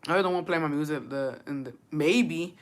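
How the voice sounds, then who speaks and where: A woman's voice: low voice, fairly quick, a little hiss or hum. A woman streamer from Texas chatting casually with viewers, switching between English and Spanish, swearing freely. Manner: bilingual code-switching, profane, chatty. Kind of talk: casual chat.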